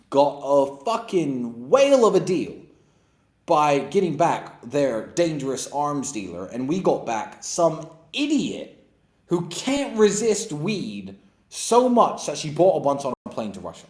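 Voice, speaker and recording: Brief: opinionated male host, sarcastic, very lively pitch swings. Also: echoey room. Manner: blunt, emphatic, sarcastic. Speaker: host answering viewer questions. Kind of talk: opinionated monologue.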